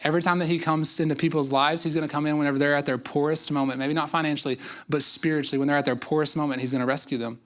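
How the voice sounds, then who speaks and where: A pastor voicing a calm, soft-spoken God. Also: male voice, on the high side, very fast, close to an everyday voice. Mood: calm certainty. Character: calm, matter-of-fact male God.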